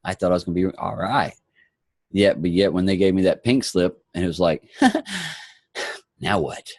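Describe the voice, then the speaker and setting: A man's voice: sits low, fairly even intonation, moderate pace, darkish tone, no room sound, studio quality. A man in his forties hosting a motivational morning show, upbeat and encouraging. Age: 40s. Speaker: host. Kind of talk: motivational talk.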